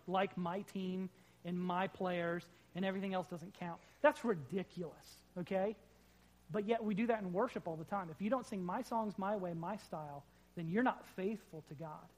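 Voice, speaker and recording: A pastor with a high voice preaches to a live congregation on a corded microphone, and the audio is poor. He talks casually and jokes with the people in the pews.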